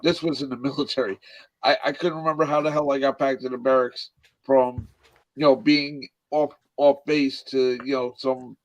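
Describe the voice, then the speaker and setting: Halting man recalling his drinking days. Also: mid-range voice, fairly even intonation, low-quality recording. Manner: halting, repeats words. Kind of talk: casual chat.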